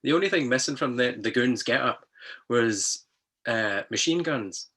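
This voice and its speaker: A man's voice: mid-range voice, lively intonation, measured pace, a bit bright, husky. A man co-hosting a podcast in casual chat, laughing often between his remarks. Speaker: podcast co-host.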